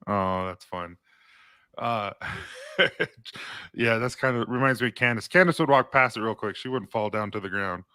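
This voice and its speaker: A man hosts a relaxed interview in a bright, forceful voice. He asks short, easygoing questions and chuckles along with his guest. The sound is close and dry, with no room around it. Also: fairly low pitch, normal speed, clean tone, no echo. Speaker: host, interviewer. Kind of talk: casual interview chat.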